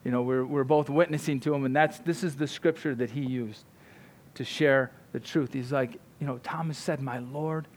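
A man's voice: mid-range voice, steady tone, normal speed. A man preaching a sermon, fervent and emphatic, often repeating words and tagging his points with "right?". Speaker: pastor.

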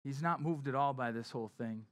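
A male preacher giving a sermon as conversational storytelling, often dropping to a soft, hushed tone. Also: mid-range voice, fairly quick.

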